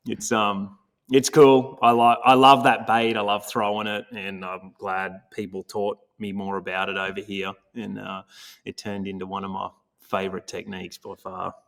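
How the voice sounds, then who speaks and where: Guest: Australian man, thick Toowoomba accent, relaxed storyteller who laughs a lot. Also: lowish voice, normal speed, gravelly. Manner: easygoing, laughs often while telling stories. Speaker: guest, pro angler. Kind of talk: casual interview chat.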